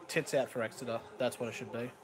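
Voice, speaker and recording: A man's voice: mid-range voice, fairly even intonation, quick pace, rough recording. Joking Australian man on a headset mic. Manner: rambling, jokey, laughs often. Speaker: live streamer. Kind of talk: casual live-stream chat. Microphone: headset microphone.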